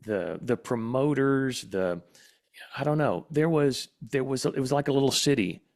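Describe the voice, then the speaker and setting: A man's voice: medium pitch, expressive, normal speed. A middle-aged male host chatting in an interview, recalling old times in a reflective way. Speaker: podcast host. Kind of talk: casual interview chat.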